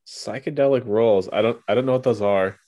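A man's voice: lowish voice, brisk, mellow. A man hosting a podcast with a stuffy nose from allergies, moving from a scripted intro into easygoing, chatty conversation. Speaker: podcast host. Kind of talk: podcast intro and casual chat.

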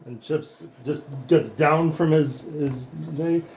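A man's voice: on the high side, slow pace, darkish tone, slight background noise. A man playing a tabletop game, eagerly describing his character's actions. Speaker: player.

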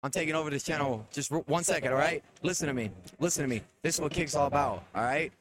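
A man's voice: on the high side, fast, a crowd in the background. A man, a streamer and father, talking as a guest in a casual live-stream chat at a gaming convention, cheering others on. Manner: hype-man energy, keeps cheering others on.

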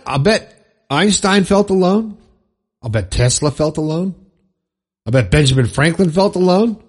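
A man hosting a podcast, fired up and preachy, repeating phrases for emphasis in a husky voice. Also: fairly high pitch. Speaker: podcast host. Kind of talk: impassioned motivational monologue.

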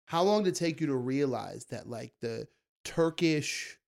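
A man's voice: mid-range voice, lively intonation, measured pace, vocal fry. A young man chatting as a podcast guest, laid-back but emphatic, calling people bro. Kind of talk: casual chat.

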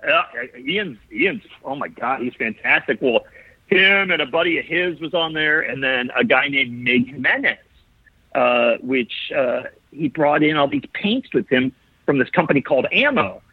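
A husky man from Ohio, USA, a model builder guesting on a podcast, comes through a tinny, phone-like line with no room sound. In casual interview chat his mid-range voice is expressive and normal in speed, and he tells stories eagerly, often restarting.

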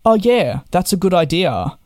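A man's voice: sits high, sing-song, normal speed, a little mellow, no echo, clean studio sound, voice pushed up. A man mimicking a flustered female airline call-center agent who sounds obliging and clueless. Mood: airily obliging.

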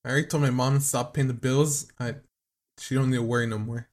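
A man's voice: medium pitch, fairly even intonation, fast talker. A man co-hosting a podcast in casual chat, joking around. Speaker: podcast co-host.

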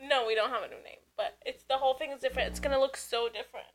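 A woman's voice: high voice, fairly even intonation, rapid-fire, soft background music. A young woman co-hosting a casual podcast, playful and upbeat. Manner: playful, upbeat, bursts of laughter. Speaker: podcast co-host. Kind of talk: casual chat.

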